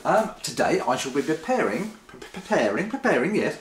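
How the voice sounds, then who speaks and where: A man's voice: on the high side, very animated, moderate pace. A man rambling wryly to camera in his kitchen, hesitant and full of ums and restarts. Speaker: vlogger. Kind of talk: casual rambling monologue. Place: home kitchen. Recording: roomy kitchen echo.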